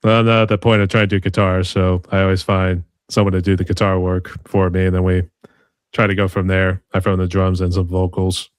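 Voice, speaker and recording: A man's voice: sits low, level tone, fairly quick, smooth, dry recording, studio quality. A man, a podcast host talking in a laid-back way and padding his sentences with filler phrases. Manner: laid-back, fills with "that whole deal". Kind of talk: casual interview chat.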